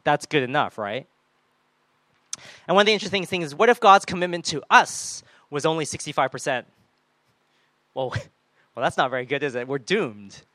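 Animated man preaching, dry close sound. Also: on the high side, a little fast, dry recording. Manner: animated, acts out quoted voices. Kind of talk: sermon.

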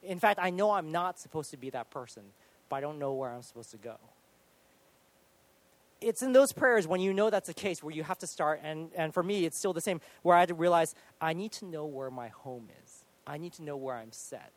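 Animated, higher-voiced man preaching. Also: fairly quick, no echo. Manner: animated, self-deprecating storytelling with sudden loud acted outbursts. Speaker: pastor. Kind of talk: sermon with personal story.

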